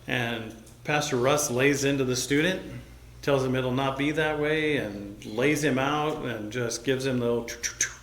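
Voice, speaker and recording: Pastor Man, mid pitch, casual conversational sermon storytelling, slips into quoted voices; recorded in a roomy, echoing church hall. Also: measured pace, a bit bright, slight background noise. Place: church sanctuary.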